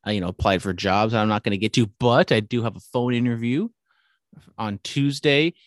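A young man co-hosting a podcast, talking in quick, teasing casual banter. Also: medium pitch, dry recording, clean studio sound. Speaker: podcast co-host. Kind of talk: casual chat.

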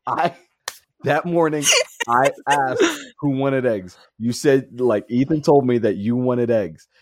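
A man's voice: mid-range voice, takes it slowly, background noise. A man telling a funny story in a casual chat with friends, laughing often as he goes.

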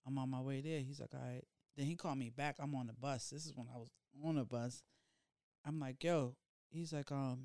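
A young man co-hosting a casual podcast, telling a story with animated, acted-out quotes. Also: brisk, smooth, no echo, studio quality. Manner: animated storyteller, acts out quotes with big pitch jumps. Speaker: podcast co-host.

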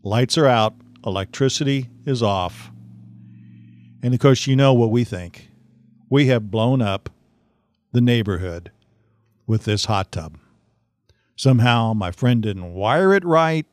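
A middle-aged man hosting a podcast, telling a funny story in a casual, animated way and laughing often. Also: mid-range voice, slow, pauses often, no echo, clean studio sound. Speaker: podcast host.

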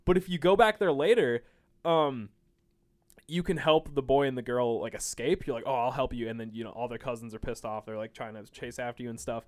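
A man in casual chat about a video game, animated and quick to laugh, swearing casually as he tells the story. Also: mid-range voice.

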